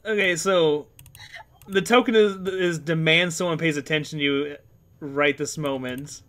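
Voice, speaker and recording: Game master, male, bright and fairly high voice, easygoing, chuckles through his narration. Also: a little slow. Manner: relaxed, laughs often while narrating. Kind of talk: running an online tabletop game.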